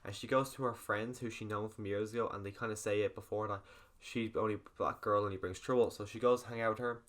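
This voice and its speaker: Man, quick rambling talk, lowish voice, casual film review. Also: steady tone, a bit bright. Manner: rambling, filler-heavy plot recap. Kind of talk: casual spoiler review, retelling the plot.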